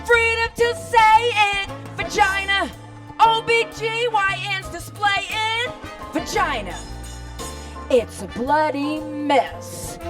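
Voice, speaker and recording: A woman performing a rhythmic spoken-word chant with call-and-response, swinging between sung high lines and murmured low ones. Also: lively intonation, slow. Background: music.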